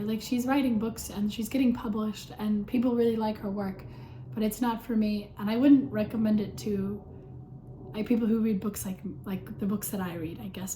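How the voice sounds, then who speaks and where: A woman with a hoarse, sick voice, hesitantly talking through a casual book review with lots of fillers. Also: mid-range voice, dark tone, reverberant, slight background noise. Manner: hesitant, rambling, many fillers.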